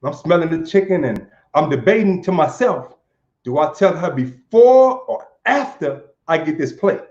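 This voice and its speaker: A man from Saint Louis tells a personal story in an earnest, halting way, often doubling words as he speaks. His voice sits a little high for a man. The recording is dull and lo-fi, with a roomy echo around him. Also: animated, a little mellow. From Saint Louis, USA. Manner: earnest, stammers on repeated words.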